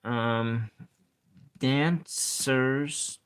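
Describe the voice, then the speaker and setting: A man hosting a soft-spoken ASMR poetry session, talking in a slow, halting way and counting syllables aloud. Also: mid-range voice. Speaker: ASMR channel host.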